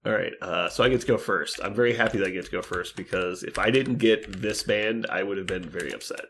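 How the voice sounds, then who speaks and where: Casting: young male podcast co-host, low gravelly voice, profane and jokey, quick to laugh and act out quotes. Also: fairly bright tone, a little hiss or hum. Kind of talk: casual podcast chat.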